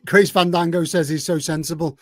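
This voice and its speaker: High-voiced podcast host. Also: male voice, fairly even intonation, brisk, no echo, studio quality. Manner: chummy, laughs easily, greets the chat. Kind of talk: casual podcast chat.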